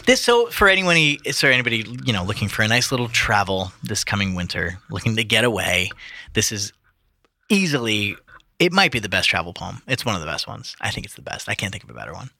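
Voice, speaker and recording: A man with a bright, forceful, somewhat low voice, chatting casually with friends on a podcast. He is wry and bookish and likes to read literature aloud. The sound is dry and close to the mic. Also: big pitch swings, brisk, creaky, dry recording. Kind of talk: casual chat among friends.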